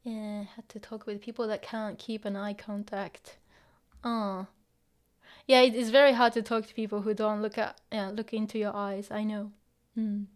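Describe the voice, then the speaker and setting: A woman teaching a casual livestream lesson, chatting with viewers and muttering quietly to herself as she reads the chat. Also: mid-range voice, little pitch movement, moderate pace. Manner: chatty, mixes English with Japanese phrases, murmurs to herself. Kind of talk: casual live-stream lesson, reading chat.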